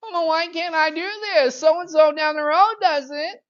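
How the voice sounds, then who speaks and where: A man's voice: very high voice, level tone, slow, mellow, lo-fi sound, voice pushed up. A man voicing a whining child who complains and begs to be allowed to do what other kids do. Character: whiny child pleading to be allowed things.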